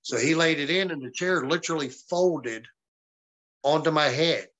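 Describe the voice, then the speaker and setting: A man's voice: a little high, normal speed, fairly bright tone. A man from the American South, a wrestling guest on an interview show, telling stories casually and profanely and acting out the people he quotes.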